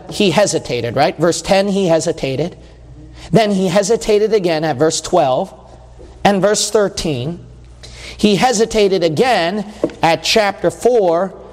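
A man's voice: high-pitched, animated, unhurried, a little mellow, big-room sound. A man preaching a sermon, reading scripture aloud and asking his listeners questions in a conversational way.

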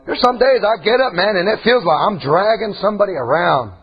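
A man preaching a fiery sermon in a folksy way, dropping to quiet talk and rising to shouts. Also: high voice, lively intonation, a little fast. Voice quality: husky. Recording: dull lo-fi church recording.

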